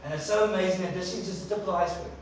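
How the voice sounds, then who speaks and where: A man's voice: high voice, rapid-fire, a little hiss or hum. A man preaching an enthusiastic sermon in a church, repeating words for emphasis. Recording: echoey church hall from far off.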